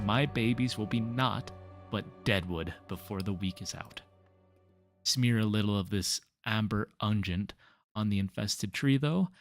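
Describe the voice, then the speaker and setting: A hot-tempered gardener bellows curses at the pests on his precious trees, as a man reads him out. He shifts from theatrical rage to forced calm in a low voice. Faint game music plays underneath. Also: no echo. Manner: theatrical, ranting with sudden outbursts. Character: hot-tempered male tree-tending gardener, vengeful.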